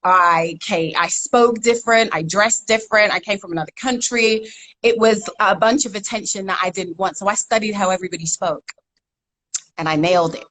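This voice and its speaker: Woman, 40s, South London accent, interview guest, lively storyteller, video call, middle pitch. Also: moderate pace, poor audio. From South London, England. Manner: lively storyteller, laughs often, repeats words. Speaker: interview guest, rap pioneer. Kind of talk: casual interview chat.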